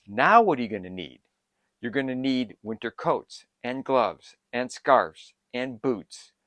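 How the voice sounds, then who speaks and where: An older man giving excitable, rambling preparedness advice to his viewers, jumping from topic to topic. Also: mid-range voice, a little slow, no room sound. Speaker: prepping channel host. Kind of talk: casual advice to camera.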